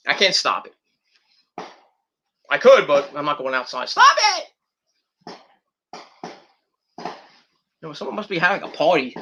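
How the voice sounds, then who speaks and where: Lively, bright-voiced male podcast ranter. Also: fairly high pitch, fairly quick, pauses often, slight background noise. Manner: blunt and profane, with frequent fillers. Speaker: podcast host. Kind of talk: casual ranting monologue. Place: at home at night, indoors.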